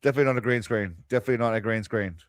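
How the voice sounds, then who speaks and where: A man's voice: on the low side, rapid-fire, no room sound, soft background music. A man hosting a crude, mocking movie commentary, tossing out quiz-style asides. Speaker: host. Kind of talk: sarcastic movie riffing commentary.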